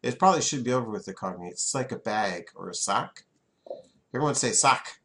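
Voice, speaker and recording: A man's voice: mid-range voice, animated, fairly quick, bright, forceful tone. Man, French teacher, classroom, casual and chatty. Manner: chatty, repeats words for students to echo.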